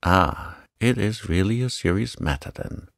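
A man reading the part of an elderly aristocratic marquis, measured but worried. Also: fairly low pitch, creaky, no echo, clean studio sound, pitched above the performer's own voice. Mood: concerned.

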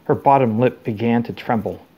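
A man reading a novel aloud to his children at a steady pace. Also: mid-range voice, moderate pace, breathy edge, lo-fi sound.

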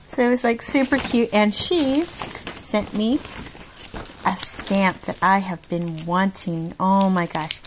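A woman's voice: medium pitch, slow pace, slight background noise. Bubbly, gushing woman vlogger. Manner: bubbly, gushing, laughs often. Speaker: craft vlogger. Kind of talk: casual chat.

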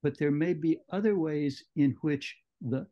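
A man leading a book club discussion, explaining a novel in a measured lecturing way, on muffled audio. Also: fairly high pitch, dark tone. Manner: measured, explanatory, with occasional restarts. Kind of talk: literary lecture.

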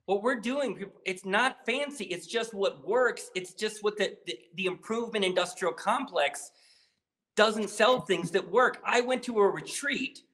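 A man as a guest on an interview podcast, talking in an animated, persuasive way and asking rhetorical questions. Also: high voice. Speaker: guest, program founder.

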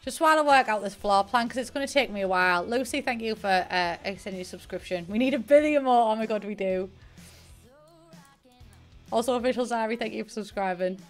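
A woman's voice: on the high side, a little fast. A young woman with a Northeast English accent, streaming and chatting casually, rambling through a story and thanking viewers. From northeast England. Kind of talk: casual gaming stream chat. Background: faint piano music.

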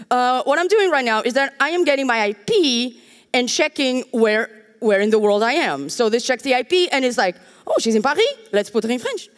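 Lively woman speaking in a reverberant hall. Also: on the high side. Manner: joking and candid, with wry asides. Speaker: conference speaker. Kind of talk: conference talk. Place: large conference hall.

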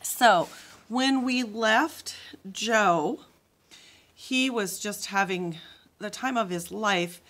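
Teacher reading a kids' chapter book aloud, a woman with animated, expressive delivery. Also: medium pitch, drawn-out words.

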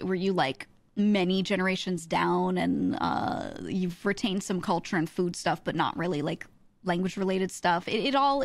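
A woman's voice: lowish voice, no room sound. A woman streamer chatting casually with her viewers, rambling and thinking aloud with fillers and restarts.

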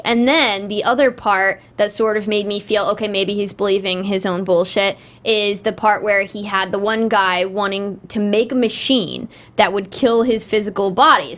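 A woman's voice: mid-range voice, a bit bright. A woman speaking frankly in a casual panel discussion.

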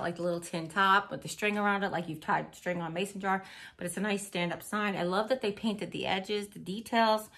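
A woman's voice: on the low side, fairly bright tone. A middle-aged woman from Missouri chatting casually in a haul vlog, upbeat and giggly, with rambling asides. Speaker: vlogger.

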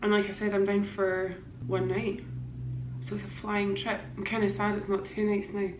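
A woman's voice: medium pitch, monotone, moderate pace. Woman, Scottish accent, chatty enthusiastic vlogger, echoey hotel room, faint background noise. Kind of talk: casual vlog chat.

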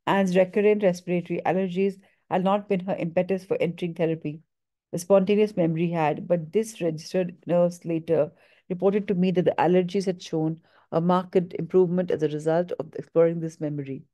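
Reading aloud from a book, this woman has a warm, low voice and keeps a steady, measured rhythm, though she trips over words now and then.

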